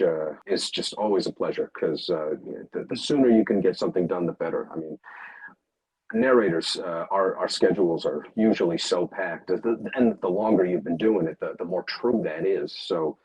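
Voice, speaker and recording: A man who works as an audiobook narrator, answering interview questions in a halting way, with many fillers and restarts. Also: low-pitched, darkish tone, breathy edge, poor audio.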